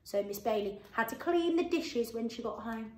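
A woman teacher giving a phonics lesson to young children, sounding out letters slowly and clearly and praising warmly. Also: a little high, expressive, a little hiss or hum. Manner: encouraging praise. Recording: roomy echo.

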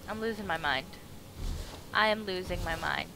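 Woman streamer at middle pitch, excitable and profane, game music clearly behind. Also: moderate pace, low-quality recording. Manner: excitable, swears, talks to the game characters. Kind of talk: live gameplay commentary.

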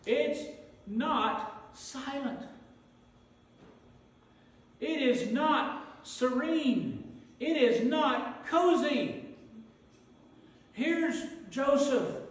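A man's voice: very high-pitched, expressive, extremely slow, pauses often. A man preaching a sermon, telling the story vividly and asking his congregation questions. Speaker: pastor. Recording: echoey hall from far off, faint noise.

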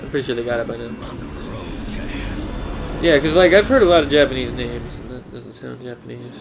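A young man chats through a gameplay session, cracking jokes and laughing at his own lines. His sentences wander and restart casually. The home recording carries a clear layer of background noise. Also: mid-range voice, a little fast. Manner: joking, laughs often, trails off mid-sentence. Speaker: gameplay commentator. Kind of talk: casual let's-play banter.

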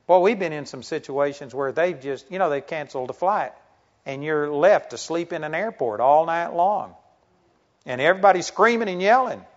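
A male pastor preaching to a congregation in a conversational sermon style, full of rhetorical questions and personal stories. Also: a little high. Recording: dull lo-fi sound.

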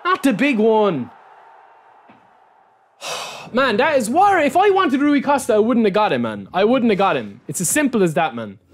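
Live gaming commentary comes from an Irish YouTuber cracking open card packs at a moderate pace. Excitable and fairly high-voiced with big swings in pitch, he speaks directly to viewers, calling them lads, and says the same lines again and again.

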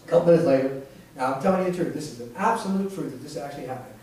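A man's voice: fairly high pitch, expressive, racing, darkish tone. A man preaching a sermon in a church, telling stories in a conversational way with laughs and restarts. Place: church sanctuary. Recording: echoey church hall, distant mic, faint noise.

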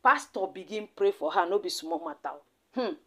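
A woman's voice: medium pitch, animated, moderate pace, pushed and bright. A Nigerian woman telling a celebrity gossip story in a dramatic, repetitive, exclamatory way. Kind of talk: storytelling commentary in Pidgin.

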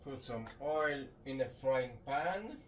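Speaking slowly and expressively at medium pitch, a man from Madeira, Portugal teaches a cooking tutorial in his home kitchen, explaining every step. He keeps a friendly tone, capping sentences with "eh?", and the audio has a distant mic and faint room noise.

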